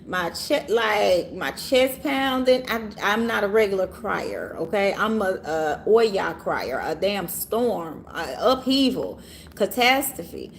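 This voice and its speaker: A woman reader hosting a casual livestream, animated and laughing often, talking straight to her viewers in a room in the city. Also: medium pitch, takes it slowly, vocal fry. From Orange Mound, Memphis area, USA. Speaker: tarot reader and livestream host. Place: city hotel room, sirens outside.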